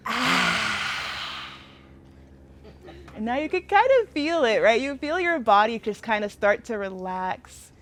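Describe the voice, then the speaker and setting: A woman's voice: a little high, moderate pace, few pauses. A woman leading a workshop outdoors as a community educator, upbeat and playful, often laughing as she guides a group. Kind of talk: friendly workshop instruction.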